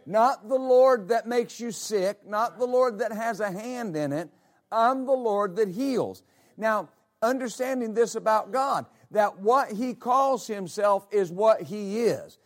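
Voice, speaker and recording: High-voiced preaching pastor. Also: male voice, slow pace. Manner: emphatic, repeats words, calls out amen. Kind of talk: sermon.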